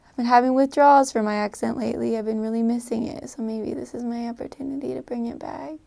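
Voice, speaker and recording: A young American woman chatting casually to camera, with lots of fillers, soft trailing phrases and frequent laughs. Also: on the high side, fairly even intonation, quick pace, creaky. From United States. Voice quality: filler-heavy, laughing often, trailing off softly. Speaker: vlogger. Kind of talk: casual chat.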